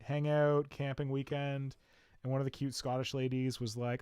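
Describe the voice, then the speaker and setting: A man's voice: medium pitch, monotone, moderate pace, a little mellow, clear, resonant tone, no room sound, clean studio sound. A man hosting a podcast in casual chat, telling stories about himself with a chatty, self-mocking manner. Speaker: podcast host.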